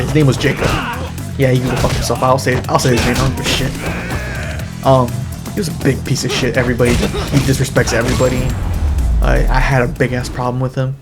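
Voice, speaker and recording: A man chatting casually over gameplay, telling a story in a rambling, profane way with lots of restarts. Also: mid-range voice. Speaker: gaming streamer. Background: game music.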